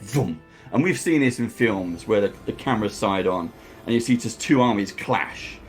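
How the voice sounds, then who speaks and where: A man's voice: fairly low pitch, animated, moderate pace, faint music behind. A man narrating as game master, acting out crowd noises and sound effects.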